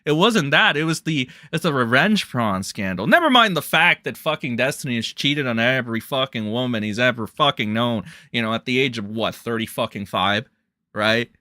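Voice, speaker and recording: A man's voice: mid-range voice, lively intonation, normal speed, sharp tone, dry recording, studio quality. A man ranting as a commentary streamer, profane, sarcastic and incredulous.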